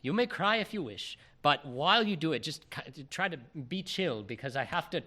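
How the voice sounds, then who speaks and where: A man voicing a huge, bumbling male groundskeeper who scolds and overshares in a gruff manner. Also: fairly high pitch, expressive, moderate pace, sharp tone.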